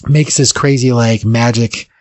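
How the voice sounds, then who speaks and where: A man's voice: mid-range voice, steady tone, a little slow, a little mellow, no room sound. A man co-hosting a podcast, casually retelling a comic book's plot in a rambling way, full of fillers. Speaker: podcast co-host. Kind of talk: casual comic book recap.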